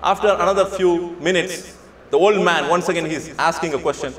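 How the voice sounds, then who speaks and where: A man with a high voice lectures students in an echoey hall, with a faint room hum behind him. He is emphatic and tells a story, repeats key phrases and drives his points home with rhetorical questions. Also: normal speed, fairly bright tone. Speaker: speaker addressing students.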